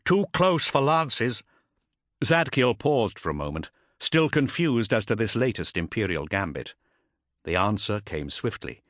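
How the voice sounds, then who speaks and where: A man narrates an audiobook with dramatic, expressive storytelling. His voice sits low and moves animatedly through a wide range. The recording is close and dry. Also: normal speed, dry recording.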